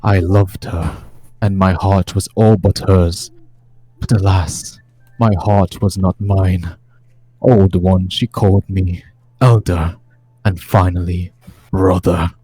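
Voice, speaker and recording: A man voicing an ancient vampire lord, reading his own bitter diary in a solemn tabletop-game recital. The voice is deep and low, mellow in tone, with a husky edge. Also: steady tone, slow pace, dry recording, full character voice. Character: ancient brooding male vampire lord recounting his woes.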